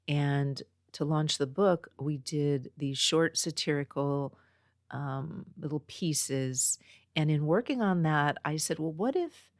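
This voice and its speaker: Woman podcast host from Northern California, low voice, dry close mic, casual meandering storyteller. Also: steady tone, slow pace, no room sound. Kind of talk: casual chat. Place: home next to a small post office. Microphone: own podcast mic.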